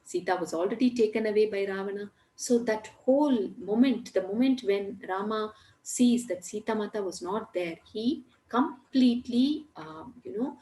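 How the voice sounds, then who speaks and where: A woman telling a story in a lively, conversational way, with many fillers and asides. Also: medium pitch, moderate pace, echoey room. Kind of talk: spoken storytelling.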